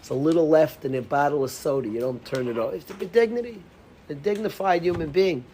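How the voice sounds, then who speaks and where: A man teaching a lively Torah class as a rabbi, calling on students by name and dropping to whispers. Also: on the high side, fast, slight background noise, rough recording. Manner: animated, calls on students by name, drops to whispers.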